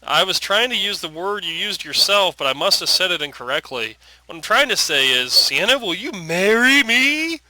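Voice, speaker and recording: A man voicing a shy, excitable teenage girl who stammers when flustered, speaking over game music. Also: moderate pace, hardly any pauses, no echo, exaggerated voice, rough recording. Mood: confused. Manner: flustered, stammering, high squeaky delivery.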